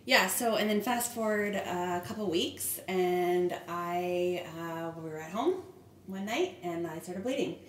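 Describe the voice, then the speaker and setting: A woman's voice: lowish voice, unhurried. A woman in her thirties telling a personal story in casual chat, candid and emotional. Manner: candid, emotional, acts out quoted dialogue. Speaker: podcast co-host sharing her story. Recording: echoey room with faint noise.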